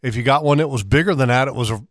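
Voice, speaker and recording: A man hosting a relaxed talk show, asking his co-host questions and chiming in. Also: mid-range voice, racing, dry recording, clean studio sound. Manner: prompting questions, short affirmations. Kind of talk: casual interview chat.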